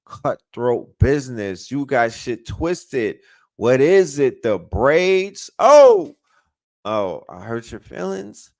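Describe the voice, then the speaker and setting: A man streams his reaction to a rap song, going from low mutters to loud excited outbursts. His voice sits at an ordinary middle pitch, and he keeps repeating lines and throwing in slang. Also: takes it slowly, creaky. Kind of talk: live stream reaction commentary.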